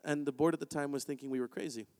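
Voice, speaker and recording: A man preaching a sermon in a church, in an animated, conversational way. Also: on the high side, racing. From Canada. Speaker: pastor. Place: church sanctuary. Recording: long hall reverb.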